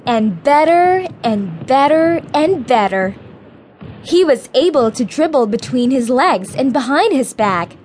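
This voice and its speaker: A woman narrating a children's storybook in a gentle, clear storytelling manner. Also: on the high side, a little hiss or hum. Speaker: audiobook narrator.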